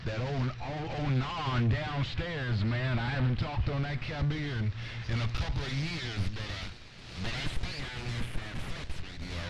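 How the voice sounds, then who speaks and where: A man's voice: mid-range voice, animated, a little slow, loud music behind the voice, rough recording. A man from Virginia chatting over CB radio in a laid-back, drawling way. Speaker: CB radio operator. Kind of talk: CB radio chat.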